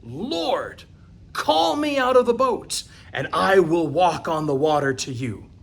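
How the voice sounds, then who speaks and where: A man's voice: mid-range voice, animated, slow, fairly bright tone. A man playing Peter, an impulsive adult male fisherman who blurts out his feelings in a raised voice, while retelling a Bible story. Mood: excited.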